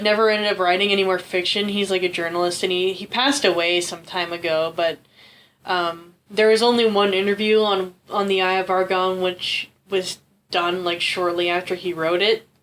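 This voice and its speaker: A woman's voice: medium pitch, fairly even intonation, normal speed, fairly bright tone. A woman co-hosting a casual podcast chat, giggling often and talking with many fillers. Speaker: podcast co-host.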